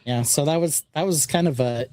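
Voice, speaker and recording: Halting man explaining a build. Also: fairly high pitch, a little mellow, clear, resonant tone, no room sound. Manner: halting, explains with many fillers. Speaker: podcast host. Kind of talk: casual show-and-tell chat.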